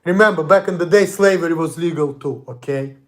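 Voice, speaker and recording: This is a confrontational monologue from a young Russian vlogger, spoken in a Russian accent. His voice is a little high and fairly quick, and he rants angrily with lots of swearing.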